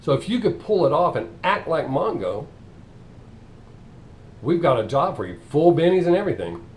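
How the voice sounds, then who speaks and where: A matter-of-fact zoo manager pitches an odd job with a lively, rising and falling voice. A man plays him in a joke. A faint rumble hums below. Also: moderate pace. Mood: persuasive. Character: smooth-talking male zoo manager, businesslike.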